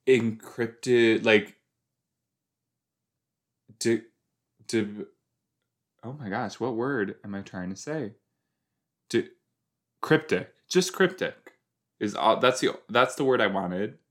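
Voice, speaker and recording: A young man reacting casually to a TV episode as he watches, thinking aloud with lots of fillers and exclamations. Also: on the low side. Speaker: reaction podcast host.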